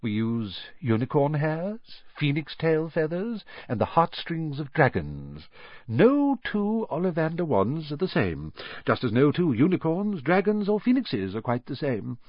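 A man voicing an eccentric, soft-spoken old male wandmaker who can turn stern and sharp, in a storybook reading. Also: a little high, very animated, measured pace, no echo, highs cut off, voice pushed up. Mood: instructive.

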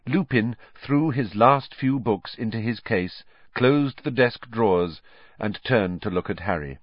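A man narrating a story audiobook with expressive, varied reading. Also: fairly low pitch, measured pace, no room sound. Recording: dry, slightly dull lo-fi audio.

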